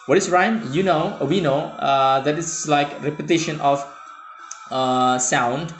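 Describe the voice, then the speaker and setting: A man teaching a lesson, hesitant and full of filler sounds. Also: fairly high pitch. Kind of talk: lecture. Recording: roomy echo.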